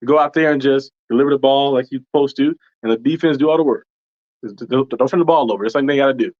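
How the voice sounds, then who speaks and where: A man's voice: mid-range voice, fast, muffled recording. A man talking as a guest on a casual livestream, laughing often and acting out quotes.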